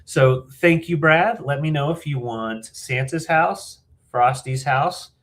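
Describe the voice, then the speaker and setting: A man's voice: fairly high pitch, slow, fairly bright tone. A man co-hosting a live vintage sale, counting down bids in an easygoing way. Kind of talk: live auction chat.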